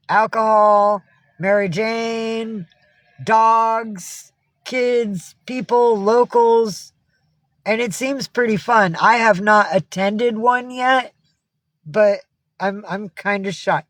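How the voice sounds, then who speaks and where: A woman's voice: mid-range voice, fairly even intonation, slow, no echo. A chatty woman from upstate New York talks casually on a live stream and swears freely. She coos fondly at her cats between answers to viewers' comments. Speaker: livestreamer.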